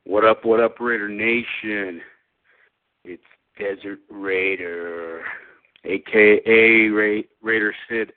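A man's voice: lowish voice, steady tone, slow. A man leaving a heated, profane voicemail as a fan caller, ranting about his team's loss. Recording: tinny phone line.

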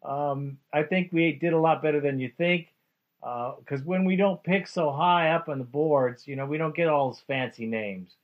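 A man's voice: a little high, moderate pace, phone-quality sound. A man hosting a call-in radio show, upbeat and friendly, calling callers bro and man.

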